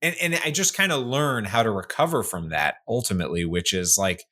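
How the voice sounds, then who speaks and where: Animated man with a bright, lively voice. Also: lowish voice. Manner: animated, self-deprecating, quick asides. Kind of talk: casual conversational chat.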